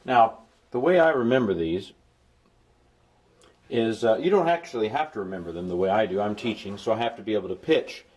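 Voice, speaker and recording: A middle-aged man teaching a recorded Greek lesson, sounding out vowels slowly and repeating them with enthusiasm. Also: lowish voice, expressive, darkish tone, husky.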